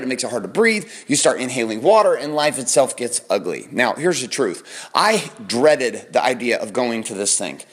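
A man in his thirties, a podcast host telling a personal story with dramatic intensity, building tension with pauses and slow emphasis. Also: medium pitch, fairly bright tone, no room sound.

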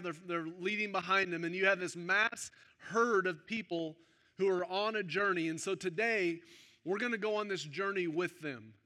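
A man's voice: high voice, pushed and bright. A man preaching a sermon to his congregation in a church service, talking in a conversational way and joking with the people in front of him. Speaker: pastor.

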